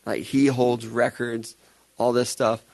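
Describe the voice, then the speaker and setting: A man's voice: medium pitch, little pitch movement, takes it slowly, creaky, a little mellow, dry recording. A young man co-hosting a podcast, chatting casually and teasing his co-host with plenty of laughter. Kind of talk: casual chat.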